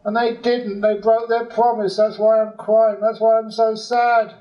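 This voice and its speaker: A man's voice: fairly high pitch, expressive, normal speed, muffled recording, close to an everyday voice. A man voicing a young male actor who whines and sobs like a sad boy, recorded in a roomy hall from a distance. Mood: whiny. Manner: whining, sobbing.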